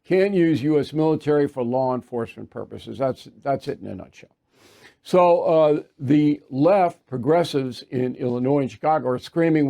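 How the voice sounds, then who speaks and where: A man's voice: medium pitch, normal speed, creaky, warm tone. A man delivering an emphatic opinion monologue as a commentator, hammering points through repetition with sarcastic asides.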